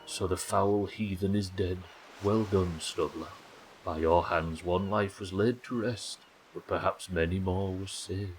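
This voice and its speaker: A man voicing a solemn, ghostly old male sea captain, reading slowly and gravely with a very deep voice. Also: fairly even intonation, slight background noise, rough recording. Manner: slow, low, grave quest-text reading.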